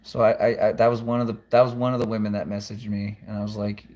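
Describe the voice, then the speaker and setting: A man's voice: fairly low pitch, completely flat delivery, quick pace, few pauses, darkish tone. A man talking to camera at home in a rambling, profane monologue with many restarts. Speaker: vlogger.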